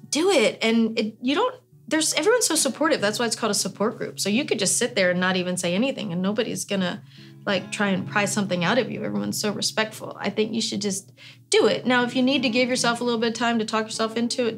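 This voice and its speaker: A middle-aged woman, talking casually in an interview, rambling with many restarts. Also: medium pitch.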